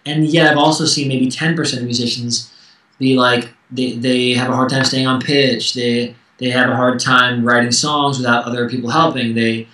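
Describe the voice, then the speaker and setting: A man's voice: mid-range voice, level tone, moderate pace, sharp tone, echoey room, distant mic, poor audio. A man in his thirties, a musician guest speaking candidly and acting out quoted dialogue in casual interview chat.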